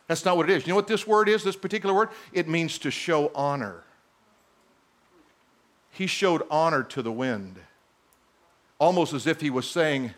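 Animated high-voiced middle-aged male pastor. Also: normal speed. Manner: animated, teasing the congregation. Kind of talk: sermon.

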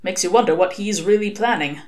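A woman's voice: mid-range voice, fairly quick, a little mellow, close to an everyday voice. A woman voicing a sly, sarcastic male demon with a wry, casual manner. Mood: mocking. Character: sly, sardonic male demon, former serpent.

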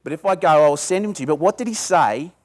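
A man's voice: fairly high pitch, lively intonation, fast, a little mellow. A man preaching a sermon to a small group, talking conversationally, asking his listeners questions and building to emphatic bursts. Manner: asks the audience questions. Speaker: pastor.

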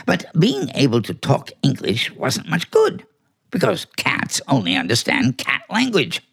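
A man's voice: mid-range voice, wildly swooping pitch, a little slow, creaky, fairly bright tone, breathy edge, exaggerated voice. An actor playing a clever, bossy talking male house cat in a 1940s radio play, smug and theatrical. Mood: scheming.

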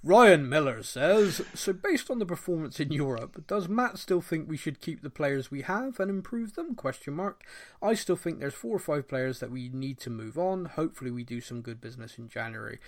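A man's voice: a little high, animated, moderate pace, hardly any pauses. A man with a Bristolian accent hosting a casual podcast chat, reading out listener questions and laughing often at himself. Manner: reads listener questions aloud, laughs often, self-deprecating. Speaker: podcast host.

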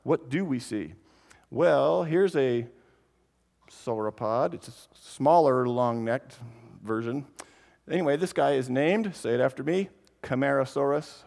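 A man giving a playful, animated conference talk to families, often speaking straight to the children. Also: mid-range voice, measured pace, creaky. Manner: animated, playful, addresses kids directly. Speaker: creationist speaker. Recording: long hall reverb.

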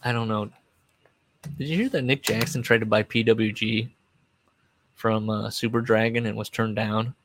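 A man's voice: lowish voice, fairly even intonation, moderate pace, pauses often, a bit bright, slight background noise. A man hosting a casual solo podcast, rambling from one aside to the next and chuckling at his own remarks. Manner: rambling and digressive, trails off and restarts. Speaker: podcast host.

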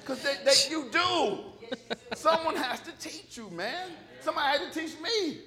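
High, bright-voiced preacher man. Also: expressive, moderate pace. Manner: emphatic, joking, call-and-response preaching. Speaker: pastor. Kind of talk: sermon. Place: church.

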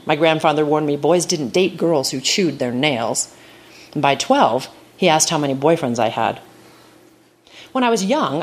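A woman giving a live reading of her personal essay on stage, with a wry storytelling delivery. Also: sits low.

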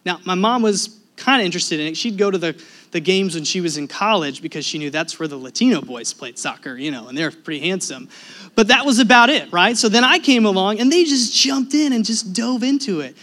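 A high-pitched man delivering a sermon from the pulpit, his stories animated and lively. He swings between punchy emphasis and soft, hushed asides. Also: fairly quick. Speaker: pastor.

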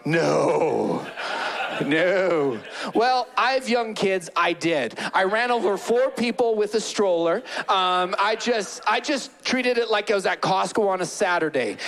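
A man's voice: sits high, unhurried. A man in his thirties preaching a sermon, telling stories with animation and acting out the people in them. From Canada. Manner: animated storytelling, acts out quoted people. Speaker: pastor.

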